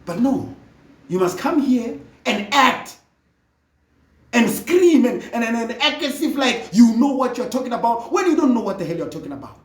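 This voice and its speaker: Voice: mid-range voice, big pitch swings, moderate pace, echoey room, far from the mic. Fervent political speaker. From South Africa. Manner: fervent, often rising to a shout. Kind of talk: impassioned political monologue.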